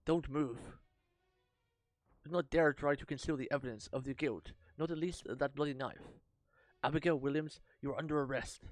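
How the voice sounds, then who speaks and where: A man's voice: a little high, fairly even intonation, moderate pace, dry recording, natural voice. A man voicing a relentless male judge who barks orders and threatens. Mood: commanding. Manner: commanding, forceful. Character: stern, relentless male witch-hunting judge.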